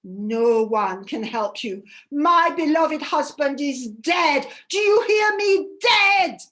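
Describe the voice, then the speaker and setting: A woman voicing a grief-crazed goddess queen of the underworld who shouts in a shrill, wailing way. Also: lively intonation, slow pace, full character voice. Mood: wild grief.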